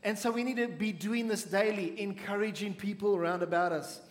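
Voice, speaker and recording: A man preaching a sermon to a congregation, speaking in measured phrases and asking the audience to respond. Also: high-pitched, steady tone, reverberant, long reverb tail. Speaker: pastor.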